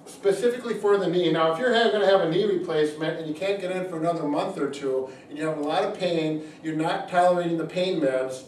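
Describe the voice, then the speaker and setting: A man's voice: on the high side, fast, hardly any pauses, a little mellow, slight background noise. Plain-spoken man, echoey and distant. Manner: plain-spoken, explains step by step with frequent fillers. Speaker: physical therapist host. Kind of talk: casual product demonstration. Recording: echoey room, mic at a distance.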